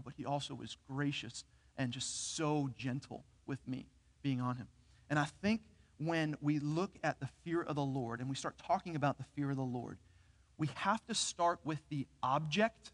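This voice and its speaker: Preaching man in a reverberant hall. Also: a little high. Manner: storytelling, animated and earnest. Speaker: pastor. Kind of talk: sermon.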